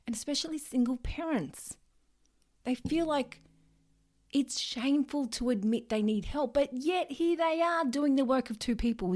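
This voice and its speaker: A woman's voice: high-pitched, a little mellow. A woman with an Australian accent hosting a solo podcast, talking earnestly and directly, with the odd swear word. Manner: earnest, direct, casually swears, acts out everyday phrases. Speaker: podcast host.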